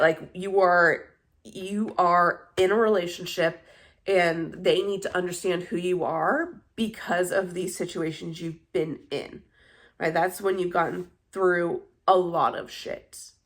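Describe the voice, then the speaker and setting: A woman's voice: lowish voice, gravelly. A young adult woman chatting casually on her vlog, telling dating stories in a candid, blunt way and swearing freely. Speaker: vlogger. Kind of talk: casual chat.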